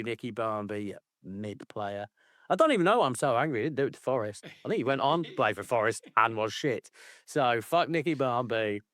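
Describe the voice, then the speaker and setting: A man's voice: medium pitch, fairly bright tone, no room sound, clean studio sound. A man co-hosting a casual football podcast, ranting playfully and swearing freely. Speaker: podcast co-host.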